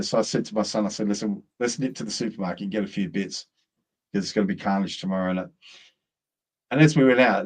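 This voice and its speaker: A man's voice: on the low side, husky. A middle-aged man, co-hosting and telling a long rambling story in casual chat. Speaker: co-host.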